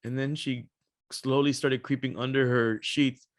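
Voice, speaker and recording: A man co-hosting a casual podcast, telling animated stories with frequent laughs and casual swearing. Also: medium pitch, unhurried. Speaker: podcast co-host. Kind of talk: casual chat.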